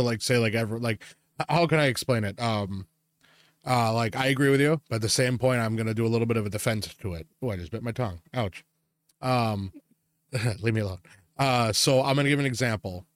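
A man's voice: mid-range voice, fast talker, no echo, clean studio sound. Rambling, cursing man in casual chat. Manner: rambling, swears freely, lots of fillers. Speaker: podcast co-host.

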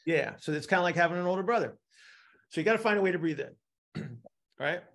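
A man with a somewhat high, gravelly voice teaches a live class. He explains with everyday analogies and keeps checking in with his listeners. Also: expressive, a little fast, fairly bright tone. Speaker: instructor.

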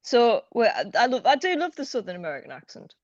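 A woman's voice: a little high, big pitch swings, fast, a crowd in the background. A woman with a Northern English accent in casual podcast chat, reviewing a TV episode with plenty of giggling. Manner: giggly, chatty, reads out chat comments. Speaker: podcast co-host. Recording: dull lo-fi audio.

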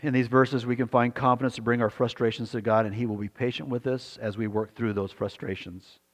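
A man's voice: medium pitch, long reverb tail. A male pastor preaching a sermon, earnest and repetitive, often putting questions to the congregation.

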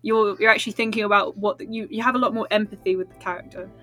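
A woman's voice: mid-range voice, steady tone, very fast, pushed and bright, faint music behind. A woman chatting as a podcast guest, bubbly and giggly. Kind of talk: casual podcast chat.

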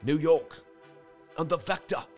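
A man doing an impression of a fellow crypto trader, with a put-on accent and an excited, sing-song way of calling the charts. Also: a little high, a little slow, faint music behind, pitched above the performer's own voice, natural voice. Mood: hyped.

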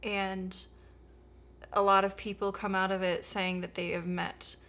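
A woman's voice: mid-range voice, level tone, measured pace, fairly bright tone. Brief: woman podcast host, casual comedic storyteller, slangy. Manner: chatty, irreverent, slangy.

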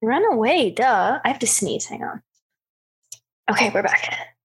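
A lively young woman with a slightly husky voice jumps in to question and argue in casual chat. Her pitch sits a bit high and swings widely as she talks. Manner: animated and quick to object.

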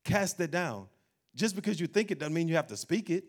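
A man preaching an animated sermon as pastor, acting out doubting voices and laughing along the way. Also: a little high, a little fast.

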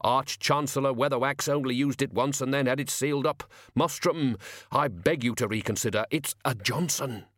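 A man's voice: mid-range voice, moderate pace, a bit bright, no echo, studio quality, close to an everyday voice. A man doing a fretful old wizard. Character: fussy elderly wizard, anxious and warning.

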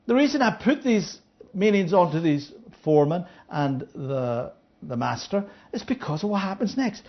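A Bible teacher leads an interactive study and keeps asking listeners to follow along. The delivery rises and falls with animated pitch as the speaker acts out the parable's characters. The recording sounds dull and lo-fi. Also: normal speed. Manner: checks in with listeners, asking "Yeah?".

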